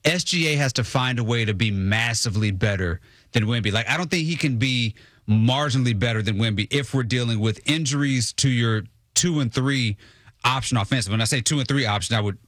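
A man's voice: mid-range voice, a little fast, fairly bright tone, dry recording, clean studio sound. A man co-hosting a sports talk show, laid-back, often repeating his words as he thinks. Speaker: sports radio co-host.

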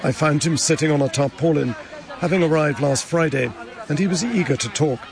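A man delivering a measured, grave field report from a refugee camp outdoors. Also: fairly high pitch, vocal fry. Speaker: correspondent. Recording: crowd and street noise around.

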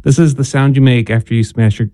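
A man's voice: mid-range voice, fairly even intonation, fast talker, warm tone, clear, resonant tone, no room sound, clean studio sound. A man co-hosting a radio show, reading listener emails and laughing often in a playful way. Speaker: radio co-host. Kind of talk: casual radio chat.

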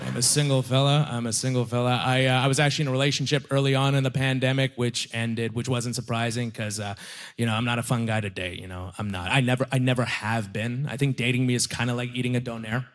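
A man performing a stand-up comedy set, telling stories with animated, self-deprecating punchlines. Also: mid-range voice, fairly quick. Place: comedy venue with live audience.

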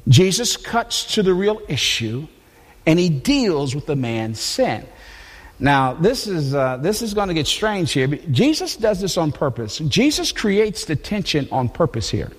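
A man preaching a sermon in a conversational, animated way, often restarting his sentences. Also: a little high, unhurried, breathy edge, long reverb tail. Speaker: pastor. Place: church.

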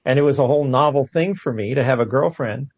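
Husky animated male interview guest. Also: mid-range voice, muffled recording. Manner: animated, self-deprecating, quick asides. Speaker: guest, physicist. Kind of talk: storytelling interview answer.

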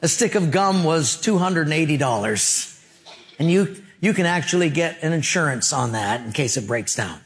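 Man, pastor, sermon, fairly high voice, emphatic, storytelling, conversational.

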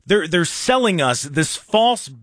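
Animated, sarcastic man ranting on sports. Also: high voice, takes it slowly, dry recording, clean studio sound. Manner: animated and sarcastic, mocking others in put-on voices. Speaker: sports radio host. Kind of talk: opinionated sports rant.

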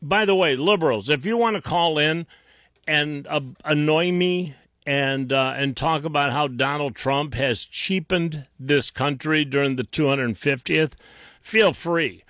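A man's voice: fairly high pitch, measured pace, fairly bright tone, dry recording, studio quality. A man hosting a talk radio show, mocking and combative in tone, with frequent restarts.

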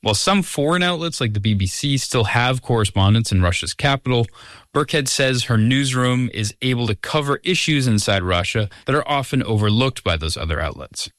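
A man narrating a scripted radio news report in a measured, even tone. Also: medium pitch, no room sound, clean studio sound.

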